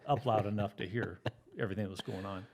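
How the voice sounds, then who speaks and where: A middle-aged man recounts his police days in an easygoing, chuckling way. His voice sits fairly low, and he fills his pauses with ums and uhs. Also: vocal fry, darkish tone. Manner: easygoing storytelling, often laughing, with fillers. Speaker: guest, retired police officer. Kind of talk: telling his story in an interview.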